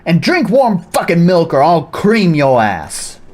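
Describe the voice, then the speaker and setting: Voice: mid-range voice, very animated, takes it slowly, darkish tone, voice pushed up. A streamer voicing a brash, crude cat-girl commander, barking drill-sergeant orders while reading game dialogue aloud. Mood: mock stern.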